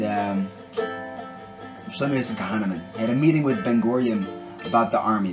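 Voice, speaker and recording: A man giving a short Torah talk with a story, speaking in an earnest, conversational way and often restarting his sentences. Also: medium pitch. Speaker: Torah teacher. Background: guitar music.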